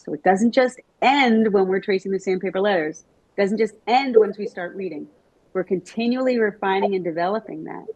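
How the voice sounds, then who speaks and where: A middle-aged woman gives a friendly, lively talk to a roomful of educators and keeps drawing them in with questions. Her voice has a slightly breathy edge. The sound is close and dry. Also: lowish voice, no echo, dull audio. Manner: lively, chatty, asks the audience questions. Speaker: Montessori teacher trainer giving a talk. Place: conference room with an audience.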